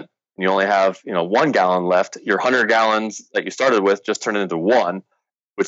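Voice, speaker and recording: A man's voice: lowish voice, a bit bright, dry recording, highs cut off. A man telling the story of the company he founded in a casual interview, rambling and full of fillers. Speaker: founder of a sports drink company.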